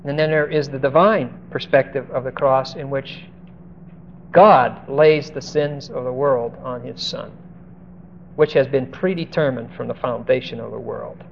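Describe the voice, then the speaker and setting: A man preaches an expository sermon on a Bible passage, emphatic, stretching out key words and asking his listeners direct questions. His medium-pitched voice is steady, unhurried and creaky, on a dull lo-fi recording with faint hiss.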